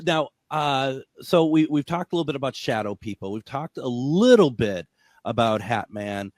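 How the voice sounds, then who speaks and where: A man hosting a radio interview, speaking haltingly and repeating words, with short replies. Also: medium pitch, animated, darkish tone, dry recording. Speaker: radio host.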